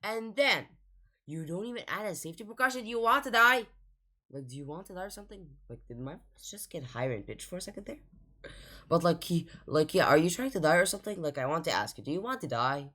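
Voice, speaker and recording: A woman's voice: fairly low pitch, big pitch swings, fast talker, a bit bright. A woman hosting a reaction video, talking casually and rambling in exasperation.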